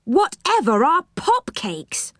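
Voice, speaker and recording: A woman reading a storybook aloud, voicing a curious young boy who asks excited, wondering questions. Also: a little high, normal speed, no echo, studio quality, pitched above the performer's own voice, lightly acted.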